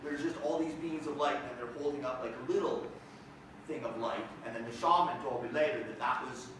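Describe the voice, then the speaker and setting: A man performing a one-man comedy show, telling a story in an animated, jokey way and acting out his own reactions. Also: mid-range voice, brisk. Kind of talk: stand-up storytelling. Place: theater stage. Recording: echoey theater, distant mic, audience noise.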